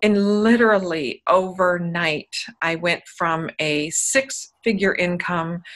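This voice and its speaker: A woman's voice: lowish voice, takes it slowly, a bit bright, low-quality recording. A woman in her fifties, a guest on a video call from home, telling her life story candidly with frequent restarts. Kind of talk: interview over video call. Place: home room.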